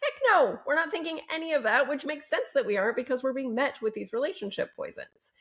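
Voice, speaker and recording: A woman relationship coach speaking as a guest on a podcast interview, upbeat and expressive. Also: high voice, quick pace. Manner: upbeat and expressive, fond of gentle emphasis.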